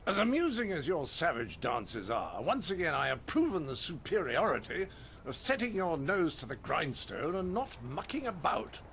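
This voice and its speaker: A pompous nobleman who talks down to everyone around him. His voice sits high and swings widely in pitch. A faint game ambience hums underneath. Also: sing-song, moderate pace, a bit bright, a little hiss or hum. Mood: haughty. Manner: pompous, condescending. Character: pompous foreign nobleman, haughty and scornful.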